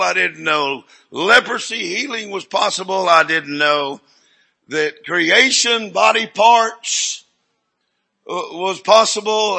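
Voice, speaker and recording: An older man, preaching in a rambling, folksy storytelling sermon with sudden shouts. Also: sits high, vocal fry, breathy edge.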